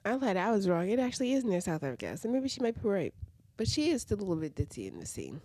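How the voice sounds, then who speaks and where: Woman, reality TV recap, dark mellow tone, dry close sound, chatty with asides. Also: medium pitch, very animated, fast, no room sound. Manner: chatty, with many "like" fillers and side comments. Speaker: reality TV reviewer. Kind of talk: casual episode recap.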